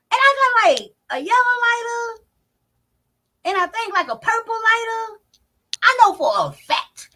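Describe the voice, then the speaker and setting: A woman hosting a live commentary stream from home, loud and profane, talking straight to her chat. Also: very high voice. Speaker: commentary channel host. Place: home, indoors. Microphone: not on camera, live stream mic.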